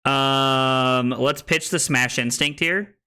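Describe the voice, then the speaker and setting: A man's voice: mid-range voice, takes it slowly, clean tone. A man streaming a card game, chatting casually with his chat and thinking aloud about his plays. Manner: chatty, thinks aloud, excitable when winning. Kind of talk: casual gameplay commentary to chat.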